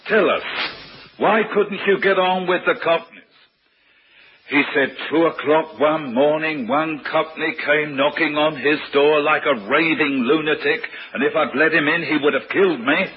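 Man, sermon, slow delivery, dull lo-fi recording, faint hiss. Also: on the high side. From London. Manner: rhetorical questions, rising to emphatic peaks. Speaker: preacher.

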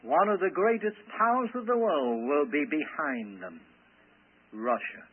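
Fervent husky preacher on tinny radio. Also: male voice, a little high, lively intonation, a little slow. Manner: fervent, emphatic, often asks leave to speak. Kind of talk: sermon.

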